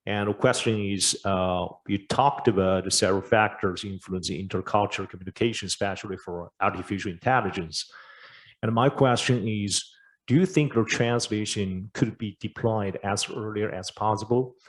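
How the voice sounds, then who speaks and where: A man from the audience puts a polite, formal question to the speaker. His voice is very low. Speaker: audience member asking a question.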